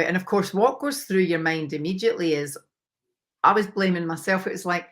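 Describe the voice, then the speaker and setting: A woman's voice: fairly low pitch, brisk. A woman with a Scottish accent, a podcast guest candidly telling a personal story, with hesitant fillers. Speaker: podcast guest, mindset coach.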